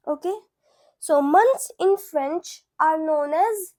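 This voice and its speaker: A woman's voice: very high-pitched, lively intonation, moderate pace, darkish tone. A young woman teaching a beginner French lesson, patient and repeating each word several times.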